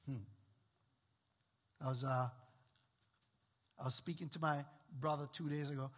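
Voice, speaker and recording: High, bright-voiced preaching man in a hall. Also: measured pace. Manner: animated, emphatic preaching with rising bursts. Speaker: pastor. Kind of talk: sermon. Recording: echoey hall with long reverb.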